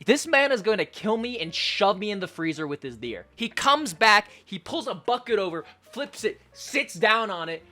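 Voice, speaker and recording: A young man, a content creator, answering fan questions in a casual vlog, joking, swearing and doing silly voices in his stories. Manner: animated, jokey, swears often, does high silly voices in stories.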